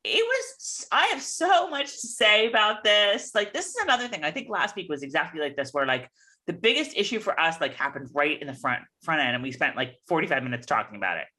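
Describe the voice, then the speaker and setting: Woman recapping a tv episode, lowish voice but bright, lively ups and downs. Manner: chatty, recounts scenes with quick put-on voices. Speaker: podcast co-host. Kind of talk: casual TV recap chat.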